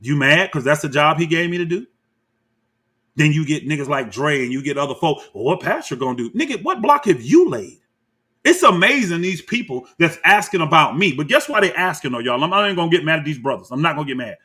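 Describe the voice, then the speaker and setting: A man's voice: fairly high pitch, a little fast, husky. A man giving heated, combative commentary, calling out people by name and talking straight to his viewers. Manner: animated and combative, addresses viewers as y'all. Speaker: commentator reacting to clips.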